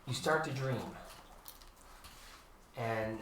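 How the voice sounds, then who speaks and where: A man narrating a home tabletop game as game master, telling the scene dramatically and dropping low for suspense. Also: slow, long pauses, bright, forceful tone. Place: home room. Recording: echoey room, distant mic, faint noise.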